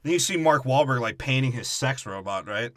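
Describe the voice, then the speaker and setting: A man's voice: medium pitch, lively intonation, no echo. A man co-hosting a podcast, riffing crudely and jokingly about a movie. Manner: rapid joking delivery. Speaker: podcast co-host.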